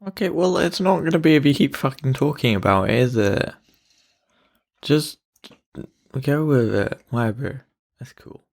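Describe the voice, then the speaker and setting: A man's voice: mid-range voice, moderate pace, gravelly. A man co-hosting a podcast, blunt, sweary and exasperated in casual chat. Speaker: podcast co-host.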